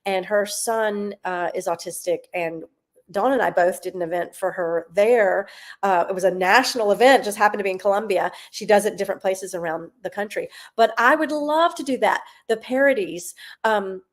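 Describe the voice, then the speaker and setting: A woman's voice: medium pitch, moderate pace. Chatty woman guest from South Carolina. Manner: chatty, thinks aloud with many fillers. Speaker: guest, Broadway performer. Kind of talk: casual chat.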